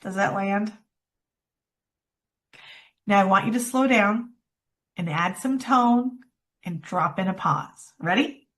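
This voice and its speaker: A woman coaching public speaking, talking expressively and demonstrating lines with dramatic pauses. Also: mid-range voice. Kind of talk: workshop presentation.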